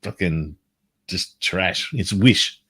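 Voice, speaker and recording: Brief: low-pitched man, rambling guest, casual chat, salty language. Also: takes it slowly, a bit bright, breathy edge. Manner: rambling, swears freely. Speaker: live stream guest.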